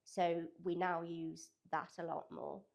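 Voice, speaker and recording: Young woman, lowish voice, interviewee, college apprentice, casual hedging speech. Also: completely flat delivery, takes it slowly, gravelly, a little mellow. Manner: loose, hedging talk full of "kind of" and "sort of". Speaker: digital communications apprentice at a college. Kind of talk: interview answers.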